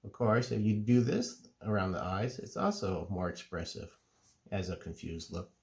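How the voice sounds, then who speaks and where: Middle-aged man, drawing teacher; low, gravelly voice, slow and relaxed step-by-step explaining. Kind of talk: casual drawing tutorial.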